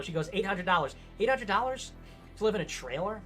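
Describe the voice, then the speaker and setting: A man co-hosting a livestream, retelling a stream at length in an animated way and mimicking people in high-pitched voices. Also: brisk, soft background music. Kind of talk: livestream chat.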